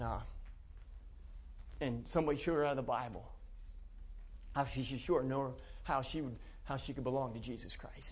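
A middle-aged man from central Pennsylvania, telling his conversion story to a church in a folksy, chuckling way. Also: medium pitch. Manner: folksy storytelling, warm chuckles, many restarts. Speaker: preacher giving testimony. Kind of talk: personal testimony in a church.

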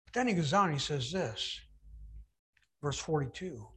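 Slow, high-voiced male preacher. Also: expressive. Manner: dramatic storytelling, acting out biblical voices. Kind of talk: sermon.

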